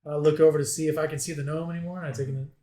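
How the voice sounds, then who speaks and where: A man's voice: on the high side, flat delivery, very fast, mellow. A man playing a tabletop game, casually narrating his character's actions in first person. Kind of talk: casual role-play chat. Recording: roomy echo.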